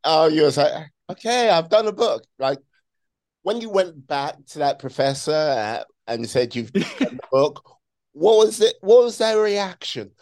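A male host asks his guest questions in a casual chat, and his pitch swings widely as he talks. He reacts with loud exclamations and enthusiastic agreement. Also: expressive, measured pace. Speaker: interviewer host. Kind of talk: casual interview conversation.

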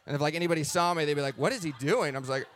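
A man sharing his personal faith testimony in an earnest, animated way, often acting out his own thoughts. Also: a little high, very fast, slight background noise.

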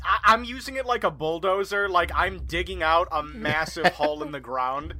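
A man playing a tabletop game, talking excitably and with lots of swearing. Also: a little high, moderate pace. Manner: excitable, profane, laughing. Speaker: player. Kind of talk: casual tabletop game chat.

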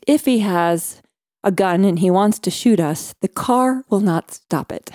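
A woman guest on a faith podcast, earnestly telling a personal story with measured pauses. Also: mid-range voice, expressive, mellow, dry recording, studio quality. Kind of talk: storytelling interview.

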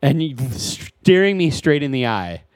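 Man, conversational storyteller, animated, indignant peaks, dry booth sound. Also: a little slow, clear, resonant tone, dry recording. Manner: animated storyteller, voice jumps high when indignant. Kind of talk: casual chat.

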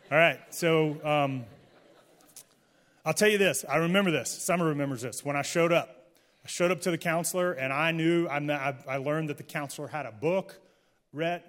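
A man's voice: a little high, moderate pace, a bit bright, big-room sound. A middle-aged man, a pastor, preaching a sermon to a live audience in a candid, conversational way, joking with the listeners. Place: church hall, before a live audience.

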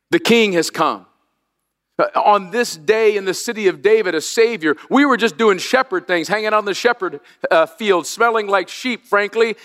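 A man's voice: high-pitched, fairly bright tone. An older man preaching a sermon as pastor, telling a personal family story earnestly, with frequent restarts. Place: church sanctuary. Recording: long hall reverb.

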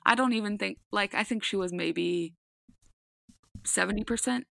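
Gravelly-voiced woman chatting sports. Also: medium pitch, moderate pace, a bit bright, no room sound, clean studio sound. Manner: chatty, with frequent ums and restarts. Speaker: podcast co-host. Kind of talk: casual sports chat.

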